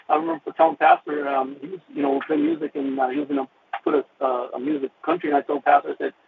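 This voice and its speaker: Man giving a halting, emotional testimony, with a gravelly voice that swings up and down in pitch, over a tinny line. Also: animated. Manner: halting, with many restarts and repeated words. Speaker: caller sharing a personal testimony. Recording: tinny phone-like line with faint hiss.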